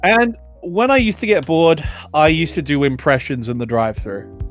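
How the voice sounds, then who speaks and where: Animated Australian man telling stories. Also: on the high side, normal speed, faint music behind. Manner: animated, swearing, filler-heavy. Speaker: podcast co-host. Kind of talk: casual storytelling.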